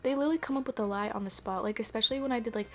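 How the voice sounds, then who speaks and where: A woman's voice: fairly high pitch, racing. A young woman, chatting casually to camera while doing her makeup, rambling and nervous. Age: 20s. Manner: rambling, filler-heavy, animated and anxious. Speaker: vlogger.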